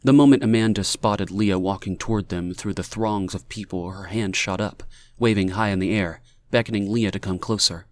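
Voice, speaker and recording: A man reading fiction aloud as an audiobook narrator in a measured, even manner. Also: on the low side. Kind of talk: scripted narration.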